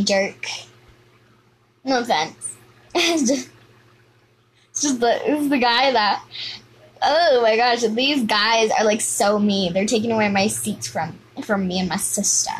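Excitable high-voiced female game commentator. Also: a little hiss or hum, poor audio. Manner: excitable, exclamatory, sing-song repetition. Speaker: gaming video host. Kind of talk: live gameplay commentary.

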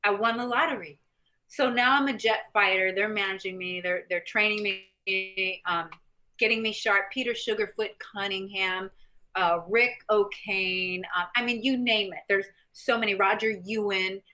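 Woman, middle-aged, from the Midwest, bright clear tone, lively storyteller acting out quotes in an interview. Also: medium pitch, unhurried. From Missouri, US Midwest. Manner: animated, acts out other people's lines. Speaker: guest, former champion fighter and stuntwoman.

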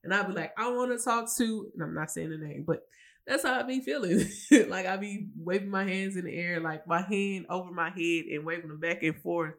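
Hosting a solo podcast, a tired and emotional woman delivers a casual, rambling rant laced with swearing and many false starts. Her voice is on the low side and she talks fairly quickly.

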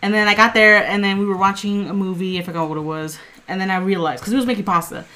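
A woman's voice: mid-range voice, fast talker, a little hiss or hum. Female podcast co-host, loose and chatty, retells events by acting out what everyone said. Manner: rambling, animated retelling with quoted asides and swearing. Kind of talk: casual storytelling chat.

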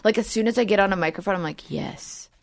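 A woman's voice: medium pitch, racing, no room sound. A woman in her thirties hosting a podcast, chatting casually and laughing often. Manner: chatty, laughs often, reads ad copy smoothly. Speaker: podcast host. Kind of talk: casual chat. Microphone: studio microphone.

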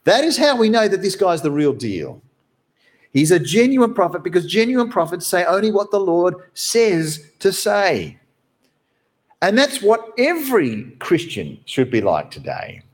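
A man who is a pastor, preaching a sermon from behind the pulpit in an animated, conversational way. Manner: animated, conversational preaching with wide swings in pitch.

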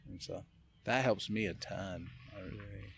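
A man guest on a podcast, talking in a casual chat, telling animated stories with laughs and casual swearing. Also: on the low side, measured pace, creaky, a little hiss or hum. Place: indoors, casual setting with a beer.

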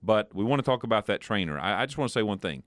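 Lively, playful male podcast host. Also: on the low side, racing, no room sound, studio quality. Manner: playful, animated questioning. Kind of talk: casual chat. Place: studio.

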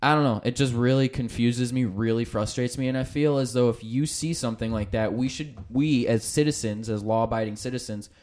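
A man's voice: medium pitch, fairly quick, few pauses, a little mellow. A young man hosting a casual podcast chat, rambling and swearing with many restarts. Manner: rambling, profane, frequent restarts. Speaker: podcast host.

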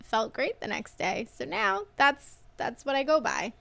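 Sick young woman cohosting a podcast, kinda high voice, laughs a lot while telling stories. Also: big pitch swings, unhurried, vocal fry, fairly bright tone, no room sound. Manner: laughing storyteller. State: sick with a cold. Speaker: podcast co-host. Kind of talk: casual chat.

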